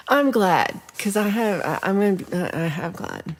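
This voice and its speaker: A woman's voice: low voice, normal speed, gravelly, hardly any pauses. A woman hosting a casual livestream chat, rambling playfully through viewer comments with frequent whispered asides. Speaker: livestream host.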